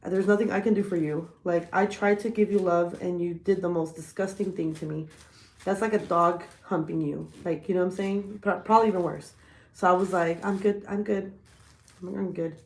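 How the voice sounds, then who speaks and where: A woman, telling stories in a profane, animated way with frequent laughs during a casual livestream chat. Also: fairly low pitch, a little fast, reverberant. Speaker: livestream host.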